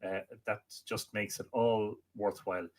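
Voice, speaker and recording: An Irish man hosting a live stream, reading out viewer comments and greeting each person by name, friendly, with halting restarts. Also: on the low side, steady tone. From Ireland. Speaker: livestream host.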